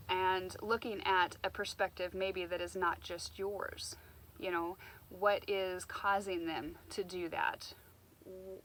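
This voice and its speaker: Outdoors by the water, a self-help speaker with a lowish, fairly bright voice gives an unscripted motivational talk. She rambles a bit and restarts her sentences, and the rough recording carries slight background noise.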